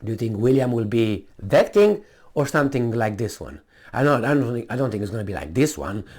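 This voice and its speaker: A man's voice: mid-range voice, sing-song, a little fast, darkish tone. A man giving indignant, mocking opinion commentary as a vlogger.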